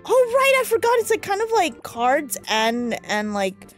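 Excitable high-voiced woman gamer. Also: a little slow, faint music behind. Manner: excitable, squeals and shrieks in delight, swears when startled. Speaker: gamer streamer. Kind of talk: casual let's-play commentary.

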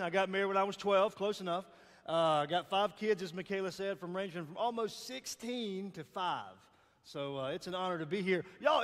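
A man in his forties with a Southern US accent, giving a playful, lively chapel sermon as guest speaker, joking and calling out to the crowd. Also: sits high. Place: large hall. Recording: long hall reverb.

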